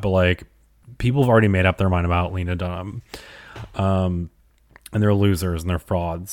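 Young male podcast host, lowish voice, dry close sound, chatty and sweary. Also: darkish tone, no room sound. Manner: chatty, profane, opinionated, rambling. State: tired late at night. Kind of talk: solo podcast answering listener questions.

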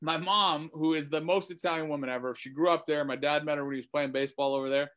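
A man's voice: on the high side, steady tone, fast, fairly bright tone. A man co-hosting a casual video call chat, joking and telling stories. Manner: joking, storytelling. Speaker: co-host, former ballplayer.

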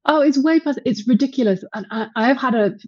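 A woman's voice: high voice, quick pace, a little mellow, breathy edge, dry recording, dull audio. A woman with a Midlands English accent, a guest in a casual interview, talking in a chatty, reflective way and laughing easily. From England.

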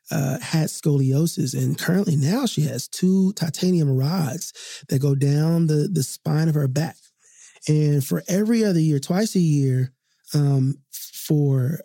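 A man's voice: fairly high pitch, vocal fry, warm tone, no room sound, clean studio sound. A man hosting a podcast, telling a reflective personal story in an earnest, confessional way, with frequent fillers and repeated phrases. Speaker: podcast host.

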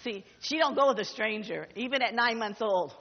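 A middle-aged woman pastor delivers an emphatic, exhorting sermon in a slightly high voice, circling back over her phrases. Long reverb trails her words through a large hall, and the recording sounds dull and muffled. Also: expressive, moderate pace.

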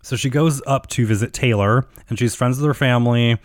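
On a studio-quality recording with no room sound, a man of medium pitch talks a little fast as he hosts a podcast. His reality-show recap is casual and gossipy, full of swearing, acted-out quotes and fillers.

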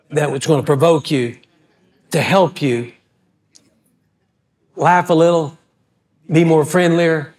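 A man preaching a sermon as pastor, telling folksy, animated stories and acting out the voices of people in them. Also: on the high side. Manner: folksy, animated storyteller who acts out quoted voices. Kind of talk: storytelling sermon.

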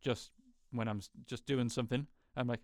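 A man co-hosting a podcast in casual chat, laid-back and quick with short agreeing replies. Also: mid-range voice, fairly even intonation, dry recording, clean studio sound. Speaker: podcast co-host.

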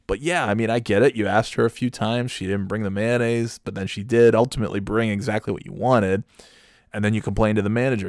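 A man's voice: fairly low pitch, fast, darkish tone, dry recording, clean studio sound. A man telling a casual comic anecdote, profane and exasperated. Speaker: storyteller.

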